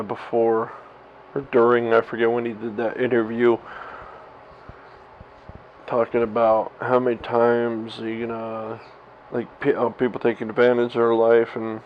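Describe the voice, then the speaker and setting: Rambling man with a gravelly voice. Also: medium pitch. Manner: rambling, profane, laughs at himself. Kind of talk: candid personal vlog monologue. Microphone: camera mic. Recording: slightly dull lo-fi camera audio with faint hiss.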